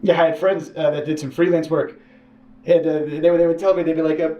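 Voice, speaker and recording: Halting man with an echoey sound. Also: little pitch movement, mellow, highs cut off. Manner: halting, many restarts, mimics others in higher voice. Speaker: interview guest. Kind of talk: emotional personal account. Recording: echoey room with faint hiss.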